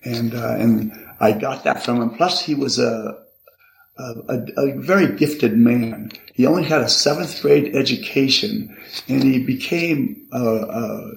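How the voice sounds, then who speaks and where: Older man, gravelly, roomy echo. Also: mid-range voice. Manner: halting and reflective, often repeating words. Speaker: guest. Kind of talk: conversational interview.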